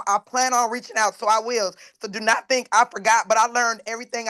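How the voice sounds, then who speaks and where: A woman who has joined a live stream on her mic, chatting casually. She gushes with excitement and talks in rushed bursts. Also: on the high side. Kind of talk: casual chat.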